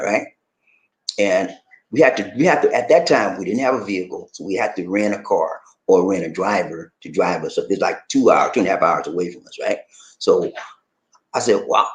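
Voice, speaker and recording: A man hosting a casual advice talk, telling stories in a lively, animated way. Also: roomy sound. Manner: animated storytelling with swooping pitch. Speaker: relationship video host.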